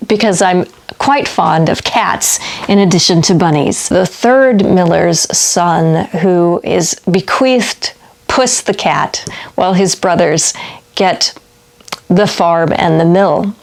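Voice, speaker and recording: Slow, chatty woman retelling fairy tales. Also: on the low side, vocal fry. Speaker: video host. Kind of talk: casual storytelling vlog.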